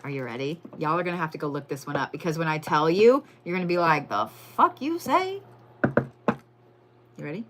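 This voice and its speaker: A woman's voice: sits low, rapid-fire, few pauses, noisy background. A woman giving a casual, profane live crystal and zodiac reading, chatting to viewers as y'all. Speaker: livestream tarot and crystal reader.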